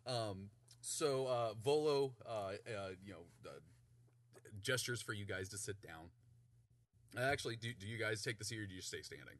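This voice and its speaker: A man running a tabletop game as game master, narrating in an animated way with many stumbles and fillers. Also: on the low side, moderate pace.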